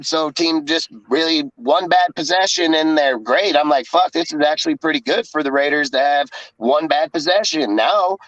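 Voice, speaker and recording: A man's voice: a little high, fairly bright tone, dry recording. A man ranting profanely and in exasperation about a football game in casual sports talk. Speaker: podcast co-host. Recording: dull dry lo-fi sound.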